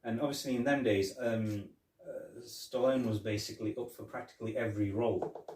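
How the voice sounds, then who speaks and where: A man's voice: fairly low pitch, steady tone, darkish tone, far from the mic, a little hiss or hum. A man co-hosting a casual film review podcast, rambling and restarting his sentences often. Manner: rambling, halting, many restarts and fillers. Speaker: podcast co-host. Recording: echoey room, voice off-mic.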